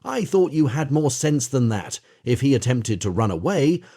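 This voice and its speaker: Sly, scheming storybook rabbit voiced by a man, brisk, lively and husky. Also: mid-range voice. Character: clever scheming male rabbit.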